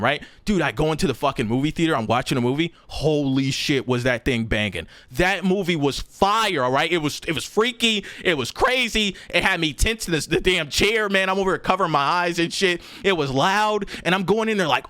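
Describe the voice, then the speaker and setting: A young male streamer riffs loosely to his chat, his high voice bright and forceful, leaping upward whenever he wants to stress something. He swears freely and talks straight into a close mic in a dry, dead room. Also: a little fast, hardly any pauses, no echo. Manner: animated, swearing, jumps up in pitch for emphasis. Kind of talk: casual rant to chat.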